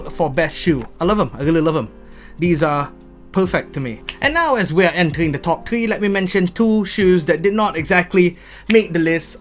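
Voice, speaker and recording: A young man, telling heartfelt, rambling stories about his sneaker collection and often stumbling and restarting. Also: on the high side. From Malaysia. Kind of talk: heartfelt rambling storytelling to camera.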